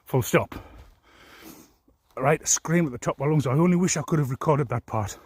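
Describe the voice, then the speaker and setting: Husky man on a profane angry rant. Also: on the high side, normal speed, darkish tone, dry recording. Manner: profane, aggrieved, rambling. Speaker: vlogger.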